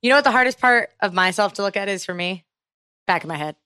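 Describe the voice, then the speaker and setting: A woman's voice: mid-range voice, fast talker, bright, forceful tone, clear, resonant tone, dry recording. A woman co-hosting a casual podcast chat, playful and joking, laughing a lot. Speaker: podcast co-host.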